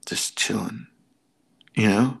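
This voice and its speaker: A man's voice: lowish voice, takes it slowly, vocal fry, breathy edge. A middle-aged man telling a story in casual conversation, slipping into the voices of the people he quotes. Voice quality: animated storyteller, acts out quotes. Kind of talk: casual chat.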